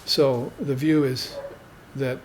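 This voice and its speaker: Unhurried man giving a dharma talk. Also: medium pitch, steady tone, slight background noise. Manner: unhurried, conversational, tags points with "you see". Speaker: spiritual teacher.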